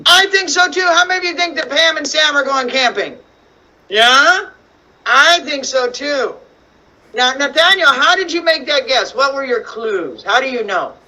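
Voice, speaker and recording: A woman teaching young children to read over a video call, animated and coaxing, full of questions. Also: high voice, normal speed, poor audio. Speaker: kindergarten teacher. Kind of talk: online reading lesson for young children. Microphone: computer mic on video call.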